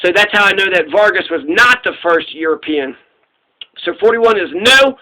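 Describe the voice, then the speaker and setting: Guy going over trivia answers, swears a lot, rambles, kinda high bright voice. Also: lively intonation, moderate pace, poor audio. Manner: loose and profane, rambling with restarts; puts on gruff voices to act out quoted people. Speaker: trivia host. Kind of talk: casual solo trivia talk.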